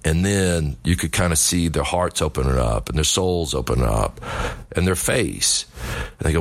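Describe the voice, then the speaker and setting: A middle-aged man giving an energetic motivational talk as a sales coach, telling stories with acted-out dialogue. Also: extremely low pitch, normal speed, vocal fry, a little hiss or hum.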